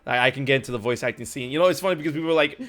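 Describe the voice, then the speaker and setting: Bright-voiced rambling man host. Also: mid-range voice, very fast. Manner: rambling, swears, frequent restarts. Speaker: show host. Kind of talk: casual chat. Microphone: streaming mic.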